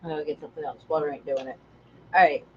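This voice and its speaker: A woman co-hosts a relaxed livestream, chatting with her husband and reading out viewer comments. She sounds tired and keeps yawning. The audio is dull and lo-fi with a faint hum behind it. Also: sits low, quick pace. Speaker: co-host of a livestream. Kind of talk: casual chat.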